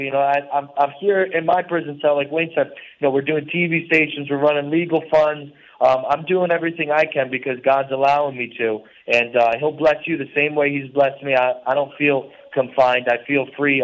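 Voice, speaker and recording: A man speaking as a guest on talk radio from prison, earnest and rambling, full of fillers. His voice sits at an ordinary middle pitch. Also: highs cut off.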